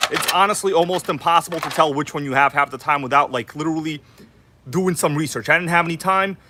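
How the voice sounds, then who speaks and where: A man's voice: fairly high pitch, bright, forceful tone, a little hiss or hum. A man with a New York accent hosting a casual livestream, greeting viewers by name in an exaggerated, hyped announcer style. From Queens, New York. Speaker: RC livestream host. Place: indoor room with air conditioner running.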